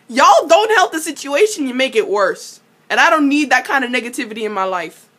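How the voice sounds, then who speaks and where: A young woman recapping a TV episode in a casual, animated way, exclaiming, swearing and laughing often. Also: high-pitched, fairly quick. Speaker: vlogger.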